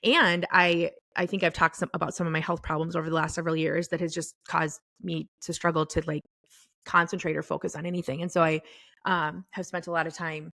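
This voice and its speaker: A middle-aged woman co-hosting a podcast, talking about her faith in a halting, tearful way. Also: deep voice, little pitch movement, vocal fry, dry recording, clean studio sound. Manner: tearful, halting, soft-spoken. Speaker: podcast co-host. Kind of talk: casual faith chat. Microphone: podcast microphone.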